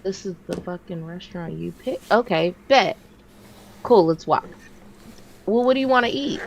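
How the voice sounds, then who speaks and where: A woman in her thirties co-hosting a podcast, telling a story in casual chat and jumping her pitch to act out what others said. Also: moderate pace, gravelly, a little hiss or hum, rough recording. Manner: animated, acts out quotes with big pitch jumps. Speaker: podcast co-host.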